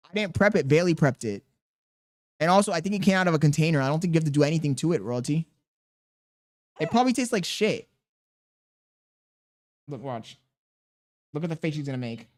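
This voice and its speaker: A man's voice: a little high, lively intonation, a little fast, pauses often. A man livestreaming casually, coaxing a baby in baby talk, reading viewer messages aloud and bantering with loose, profane slang. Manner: reads viewer messages aloud between remarks.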